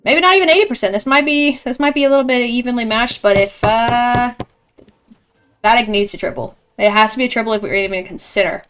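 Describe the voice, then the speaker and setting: Excitable young woman casting an esports match. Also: fairly high pitch, fast talker, clean tone, faint music behind. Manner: chatty, excitable, reacts loudly to plays. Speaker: esports caster. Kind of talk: live game commentary.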